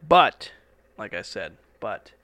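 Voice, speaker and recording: A man's voice: lowish voice, sing-song, slow pace, bright, forceful tone, no room sound. Laid-back rambling podcast host, male. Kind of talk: casual podcast monologue. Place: studio. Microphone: studio microphone.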